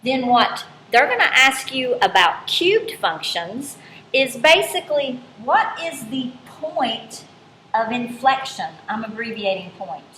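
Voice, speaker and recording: Woman math teacher, slightly high voice, informal and self-correcting, roomy recording with faint noise. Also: sing-song, slow pace, fairly bright tone. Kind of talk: recorded classroom lesson.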